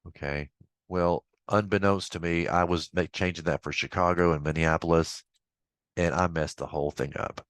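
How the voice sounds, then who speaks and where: A man instructor walking through a software tutorial in a casual, chatty way with offhand asides. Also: low voice, fairly even intonation, normal speed, clean tone, no echo. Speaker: accounting instructor. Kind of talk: screen-recorded software tutorial.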